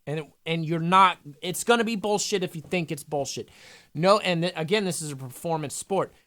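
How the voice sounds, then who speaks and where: A man's voice: fairly high pitch, fairly quick, pushed and bright. A young adult man coaching a trader live, talking bluntly and emphatically with frequent swearing. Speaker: trading coach.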